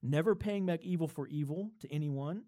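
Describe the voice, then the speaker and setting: A man's voice: a little high, moderate pace, mellow. A man preaching a sermon in a conversational way, building up to emphatic points and chuckling between them. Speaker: pastor.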